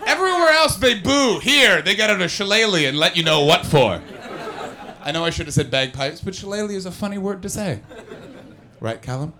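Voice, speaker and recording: On a comedy club stage, a man with a high, expressive voice does stand-up crowd work at a fairly quick pace. He is brash and profane, teasing audience members, and is not from the UK.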